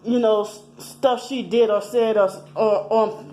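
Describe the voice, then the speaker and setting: A woman's voice: fairly high pitch, fairly even intonation, measured pace, warm tone, poor audio. A woman in her thirties talking in a rambling personal monologue, slightly out of breath, with many restarts and fillers. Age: 30s. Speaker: vlogger.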